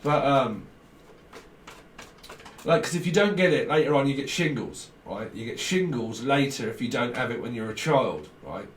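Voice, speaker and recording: A man's voice: mid-range voice, lively intonation, moderate pace, far from the mic. A man giving a casual tarot reading, rambling from one association to the next and chuckling often. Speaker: tarot reader. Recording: roomy sound, off-mic, faint background hiss.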